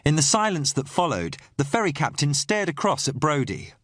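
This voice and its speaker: A man reading a first-person thriller audiobook in an even, expressive storytelling voice. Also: on the high side, a little fast. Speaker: audiobook narrator.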